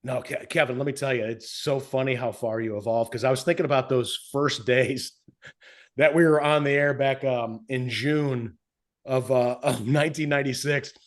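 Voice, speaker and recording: A middle-aged man, a podcast co-host and former radio host, chatting casually and telling stories with animation. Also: medium pitch. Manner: animated storyteller, quick to slip into voices. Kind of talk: casual chat.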